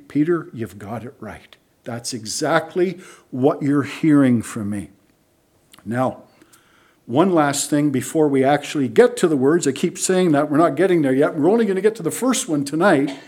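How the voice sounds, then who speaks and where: A middle-aged man preaching a sermon, emphatic, moving between loud stresses and hushed asides. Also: on the high side.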